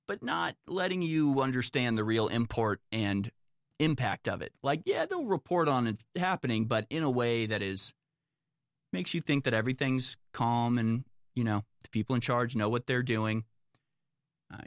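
In a clean, dry studio recording, a medium-pitched political commentator reads out news reports and responds to them in a rambling, sarcastic, exasperated manner.

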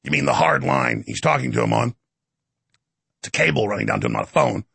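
A man hosting his own show, delivering rapid-fire political commentary in a combative, sarcastic way. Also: medium pitch, wildly swooping pitch, vocal fry, fairly bright tone, slightly rough, no room sound. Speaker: show host.

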